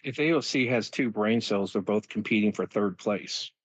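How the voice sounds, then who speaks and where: A man's voice: fairly low pitch, normal speed, slightly rough, no echo. A man in a casual political chat, mocking and sarcastic. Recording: dull dry lo-fi line.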